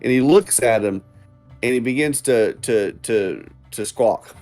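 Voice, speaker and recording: A man's voice: medium pitch, measured pace, a little mellow, faint music behind. A man playing a tabletop game, talking casually and hesitantly while he searches for words. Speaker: player.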